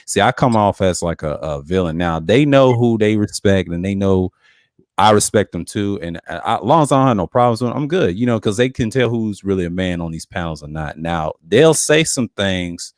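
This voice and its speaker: Laid-back low-voiced man. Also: animated, a little fast, no room sound, studio quality. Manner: laid-back, repeats himself, blunt. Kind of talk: casual panel debate.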